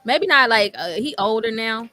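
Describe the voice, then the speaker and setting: A woman hosting a casual podcast chat, animated and talking over her guests, repeating her points. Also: a little high, normal speed, faint music behind. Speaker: podcast host.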